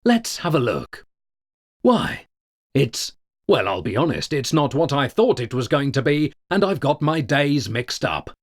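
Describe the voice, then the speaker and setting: Deadpan British comedy narrator, middle-aged man, slow and dry with a lively pitch. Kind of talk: deadpan comic monologue.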